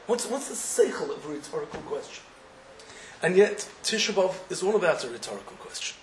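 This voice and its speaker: Rabbi preaching, highish voice, echoey room. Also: male voice, sing-song, a little fast, slight background noise. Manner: impassioned, rising to emphatic questioning. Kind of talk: sermon.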